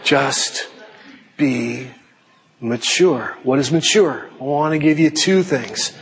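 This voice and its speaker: A middle-aged man preaching a sermon in a lively, joking way, slipping into put-on voices for effect. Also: takes it slowly, long reverb tail, background noise. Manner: animated, jokey, puts on high panicky voices. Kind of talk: sermon with acted asides.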